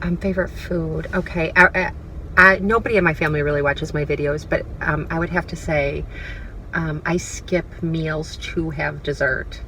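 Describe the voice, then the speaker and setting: A woman's voice: low-pitched, moderate pace, slight background noise, rough recording. Chatty Chicago woman in a car. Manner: chatty and animated, often laughing. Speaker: vlog host. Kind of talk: casual chat. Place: inside a parked car.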